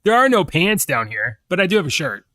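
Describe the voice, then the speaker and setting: A man hosting a relaxed morning chat show, easygoing and quick to laugh. His voice is fairly high and very bright, and the sound is close and dry. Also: dry recording. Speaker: host.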